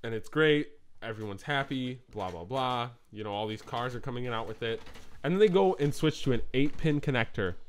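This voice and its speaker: A man co-hosting a casual tech podcast, talking in an animated, exasperated rant. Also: medium pitch, fairly quick, clean tone. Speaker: podcast co-host.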